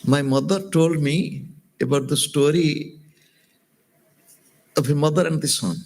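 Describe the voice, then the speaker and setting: Slow, husky Indian man telling a sermon. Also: fairly high pitch, fairly even intonation. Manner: gentle storytelling with repetition and direct questions to listeners. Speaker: spiritual teacher. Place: lecture hall.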